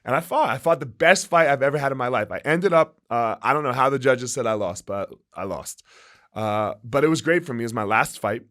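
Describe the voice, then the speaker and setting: A man's voice: medium pitch, expressive, brisk, a bit bright. Emphatic ex-fighter telling his story. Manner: profane, emphatic, frequent "right?" and "like". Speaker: guest, former fighter and gym owner. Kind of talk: candid storytelling interview.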